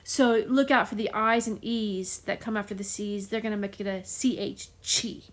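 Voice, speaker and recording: A woman's voice: mid-range voice, fairly even intonation, moderate pace. A woman giving a casual lesson on chant, enthusiastic and playful, chatty with fillers and small laughs. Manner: enthusiastic, playful, self-described geek. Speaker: chant teacher.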